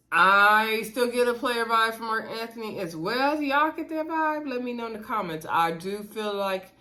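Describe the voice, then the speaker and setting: A woman recapping a reality dating show in a chatty, animated way, retelling scenes and talking to her viewers. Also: medium pitch. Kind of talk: casual recap chat.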